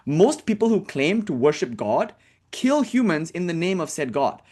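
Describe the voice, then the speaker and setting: Animated man giving a spiritual talk. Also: a little high, normal speed. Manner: casual, animated, heavy use of "like", sarcastic rhetorical questions. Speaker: spiritual teacher. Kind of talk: impassioned talk.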